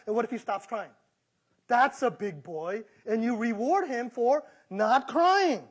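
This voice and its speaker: Male pastor preaching, kinda high voice, animated, acts out little quotes. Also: measured pace. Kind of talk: sermon.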